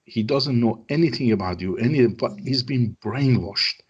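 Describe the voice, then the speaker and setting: A man's voice: mid-range voice, moderate pace, slightly rough, lo-fi sound. A man from Iran, a guest in an interview, speaking emphatic English that is not his first language and repeating his phrases. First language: Persian. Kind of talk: conversational interview.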